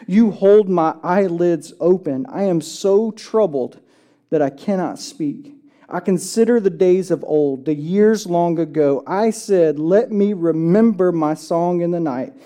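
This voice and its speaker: Pastor for a relaxed church sermon: mellow tone, chatty delivery, slow deliberate scripture reading. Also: mid-range voice. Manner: conversational, often checks in with "right?"; reads scripture slowly and deliberately.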